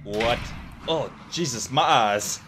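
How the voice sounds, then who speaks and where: A young man with a medium-pitched, slightly bright voice speaks slowly over a little hiss or hum. He's commentating on a horror game, joking, swearing, and reacting jumpily.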